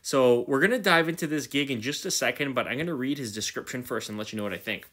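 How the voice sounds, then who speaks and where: Bright, upbeat man reviewing. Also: mid-range voice, fast talker. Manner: enthusiastic, chatty, reads text aloud. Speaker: host. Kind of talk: casual review commentary.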